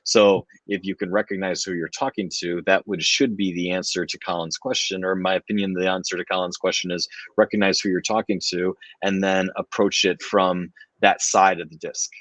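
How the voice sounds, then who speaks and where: Very deep-voiced man hosting a talk. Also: level tone, a little fast, hardly any pauses, fairly bright tone, no room sound. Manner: chatty, repeats himself, restarts sentences. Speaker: podcast host. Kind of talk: casual interview talk.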